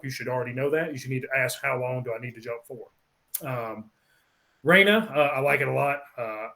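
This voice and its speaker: A man co-hosting a casual podcast, rambling through an album track by track with many pauses and fillers. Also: mid-range voice, a bit bright. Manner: rambling, many ums, lists songs one by one. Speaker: podcast co-host. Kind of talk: casual album review chat.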